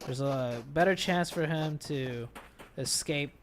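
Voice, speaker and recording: A man casting a mobile shooter tournament play-by-play, excitable, with bursts on big plays, tired from an early start. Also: fairly high pitch, slow pace, slight background noise. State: tired, yawning. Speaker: esports caster. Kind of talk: play-by-play commentary.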